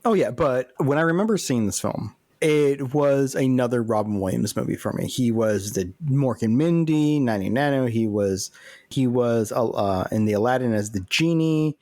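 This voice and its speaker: Man, 40s, co-host, halting and word-searching, mid pitch, dry close mic. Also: animated, darkish tone, no echo. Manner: hesitant, searching for words. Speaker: podcast co-host. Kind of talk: casual chat.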